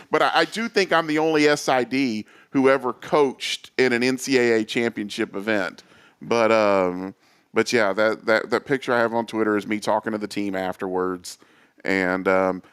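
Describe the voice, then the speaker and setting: A man, a guest on a talk show, telling lively stories with many quoted voices and fillers. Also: mid-range voice, clear, resonant tone. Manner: animated storyteller, acts out quoted voices. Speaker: associate athletic director, guest. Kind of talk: casual storytelling interview.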